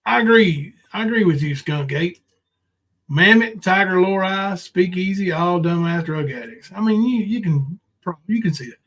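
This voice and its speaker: A man's voice: sits high, moderate pace, fairly bright tone. A man hosting a livestream, rambling casually and hesitating. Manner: rambling, hesitant, with many fillers.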